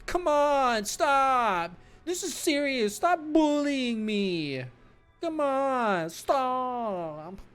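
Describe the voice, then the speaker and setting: A man's voice: very high voice, animated, very slow, a bit bright, clean tone, faint music behind, voice pushed up, full character voice. A man voicing a whiny male cop who pleads with his colleagues to stop mocking him. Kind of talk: voicing game dialogue.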